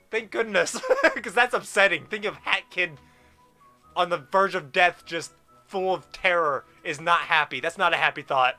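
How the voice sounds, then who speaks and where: A man with a high, very bright, sharp-edged voice, talking through a game in excited commentary. He reads the game's lines aloud, then breaks off into animated, gushing theories. Soft game music plays underneath. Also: normal speed. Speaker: let's play gamer.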